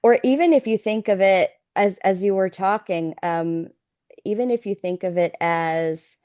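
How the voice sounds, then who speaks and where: A woman speaking as a brand strategist guest in a casual interview. She talks haltingly and repeats words while she thinks. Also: medium pitch, dark tone. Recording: dull lo-fi audio.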